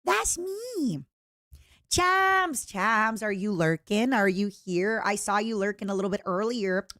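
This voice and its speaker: A woman's voice: medium pitch, fairly even intonation, normal speed, fairly bright tone, dry recording, clean studio sound. A woman streamer chatting casually and reading viewer letters aloud, in a playful, self-mocking way.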